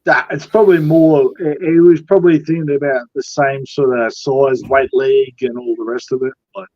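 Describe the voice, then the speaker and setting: A man's voice: medium pitch, fairly even intonation, normal speed, no echo, lo-fi sound. A man with an Australian accent chatting bluntly and rambling, with plenty of swearing. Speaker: podcast co-host. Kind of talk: casual chat.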